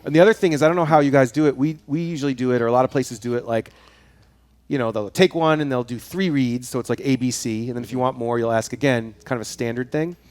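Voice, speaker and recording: A man chatting as a guest on a live show, rambling and telling animated stories with frequent laughs. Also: medium pitch, fast talker. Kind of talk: casual chat. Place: studio.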